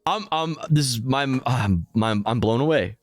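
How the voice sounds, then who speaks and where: A man's voice: medium pitch, lively intonation, moderate pace, no echo, soft background music. A young man streaming live, laughing in disbelief, swearing and reading headlines and chat comments aloud.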